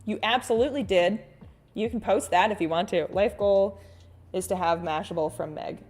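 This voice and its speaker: A woman chats her way through a live drawing stream, reading viewers' comments and rambling from one thought to the next. Her voice sits in a middle pitch. Soft music plays faintly behind her. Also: moderate pace. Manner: chatty and rambling, with frequent restarts and sudden soft hums. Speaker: artist livestream host. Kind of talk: casual livestream chat, reading viewer comments while drawing.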